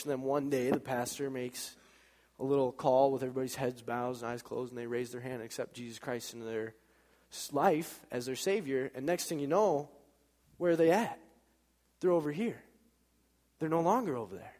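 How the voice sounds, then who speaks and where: A man's voice: mid-range voice, a little fast, long reverb tail. A man giving an informal church talk, casual and chatty, telling stories and acting out the dialogue. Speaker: church speaker. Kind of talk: informal sermon with storytelling.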